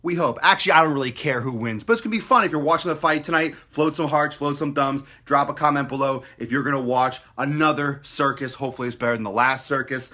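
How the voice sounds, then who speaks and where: A man's voice: mid-range voice, fast, hardly any pauses, bright, forceful tone. Brash, hyped-up male fitness host. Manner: profane, mocking, hyped-up. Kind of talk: brash motivational rant.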